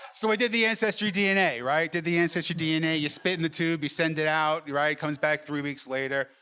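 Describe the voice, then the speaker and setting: A man's voice: fairly high pitch, steady tone, fast, bright, forceful tone, smooth. A middle-aged man doing a stand-up comedy set, telling brash, profane stories and peppering them with "right?" asides. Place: comedy club stage with live audience.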